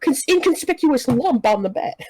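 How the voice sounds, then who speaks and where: A woman playing a tabletop game online, chatting excitedly with the table and laughing often. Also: sits high, no room sound. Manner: excitable, laughing, quick back-and-forth. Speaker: player. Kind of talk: casual tabletop game chat.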